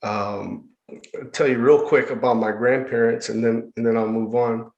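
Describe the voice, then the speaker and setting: A man as a podcast guest, telling his personal story in an earnest, reflective way, often halting and repeating words. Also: medium pitch, fairly even intonation, a little mellow, lo-fi sound. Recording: echoey room.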